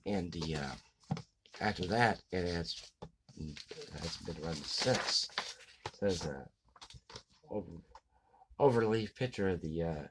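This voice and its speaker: A man giving a casual book review, halting with many fillers and restarts. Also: low-pitched, background noise. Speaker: book vlogger.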